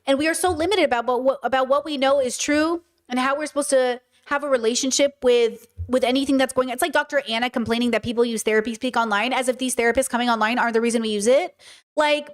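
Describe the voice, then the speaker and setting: A young adult woman hosting a podcast, talking in an animated, casual monologue that swears freely and mimics people in quick asides. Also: high-pitched. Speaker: podcast host.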